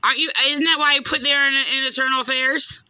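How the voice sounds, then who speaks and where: A woman's voice: sits high, steady tone, fast, pushed and bright, rough recording. Southern woman caller, accusatory, rambling, for a complaint-call scene. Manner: rambling, accusatory, with hesitant fillers. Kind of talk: phone call.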